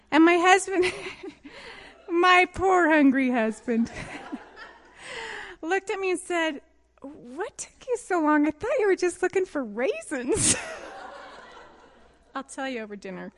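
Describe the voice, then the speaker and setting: Woman, high voice, unhurried, giggly storytelling sermon, pastor's wife. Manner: laughs often while telling a funny story; lively and expressive, quick to giggle. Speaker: pastor's wife giving a talk.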